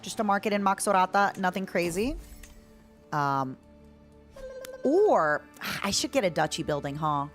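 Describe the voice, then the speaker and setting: Woman game streamer, playful and joking, very expressive pitch. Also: a little slow, pauses often, faint music behind. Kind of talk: casual gameplay chat.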